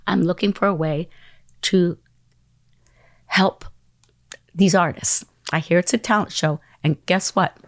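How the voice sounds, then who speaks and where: A middle-aged woman spinning a lively anecdote as a podcast guest. Her voice sits a little low for a woman and comes across dry and close. She acts out other people's lines and sometimes drops into a whisper. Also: a little slow, pauses often, no echo. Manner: acts out quoted voices and phone calls, dropping into whispers. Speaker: interview guest. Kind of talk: animated storytelling.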